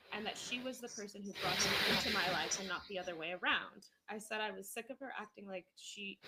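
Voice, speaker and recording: A young woman co-hosting a podcast, reading a story aloud in an animated way and breaking into laughs. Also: medium pitch. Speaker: podcast co-host. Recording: noticeable background noise.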